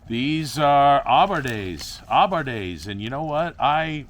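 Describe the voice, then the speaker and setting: Goofy young man vlogging plants, rambling, swooping pitch, camera mic. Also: animated, slow pace. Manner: rambling, goofy, talks to himself and viewers. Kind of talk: casual vlog while repotting plants.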